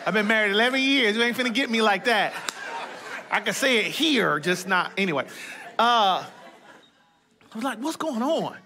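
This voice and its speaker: High bright-voiced preaching pastor. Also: male voice, expressive, moderate pace, pauses often, some chatter behind, a little hiss or hum. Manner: conversational preaching with humor and repetition; prays aloud in short emphatic phrases. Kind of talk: sermon.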